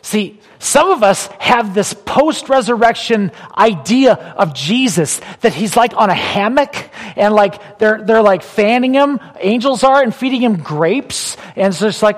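A man preaching a sermon as pastor. He talks emphatically, repeats key phrases, and swings from loud declarations to hushed, intimate asides. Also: high voice, animated, a little slow, few pauses, long reverb tail.

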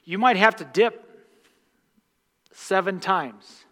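Male pastor, sermon delivery, bright forceful tone, slightly high voice, long church-hall reverb. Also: slow. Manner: impassioned, swings from hushed to loud. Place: church sanctuary.

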